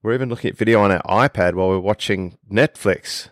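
A man's voice: lowish voice, quick pace, dry recording, studio quality. A man with an Australian accent, a podcast guest explaining things with enthusiasm in casual conversation.

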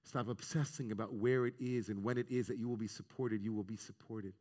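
Earnest rabbi preaching in a reverberant hall. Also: male voice, on the low side, steady tone, brisk, hardly any pauses, a little mellow. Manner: reflective, earnest, weaves in Hebrew terms. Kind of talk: sermon on the weekly Torah portion. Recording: long reverb of a large hall.

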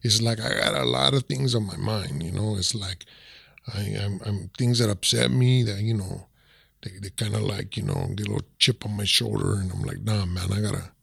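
A streetwise man rants loosely and slangily, scattering words through his talk. His lowish voice is deeply gravelly and husky. The sound is close and dry. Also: fairly even intonation, moderate pace, fairly bright tone, dry recording. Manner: streetwise, drawling, peppers talk with 'man' and 'you know'. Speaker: podcast guest. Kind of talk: casual ranting chat.

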